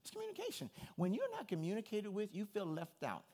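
Animated male preacher, high and lively. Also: brisk. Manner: animated, addresses the congregation directly. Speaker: pastor. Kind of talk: sermon.

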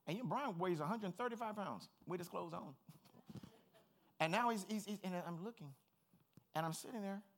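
A man's voice: sits high, moderate pace, long pauses, fairly bright tone. A middle-aged man preaching a sermon as pastor, earnest, personal and plain-spoken.

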